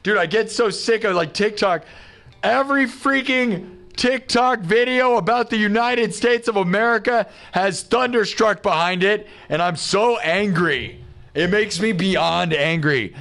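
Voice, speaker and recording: Ranting livestream host, man, higher voice. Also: a little slow, a bit bright. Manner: ranting, exasperated, says "dude" and "bro" a lot. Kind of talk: casual livestream rant.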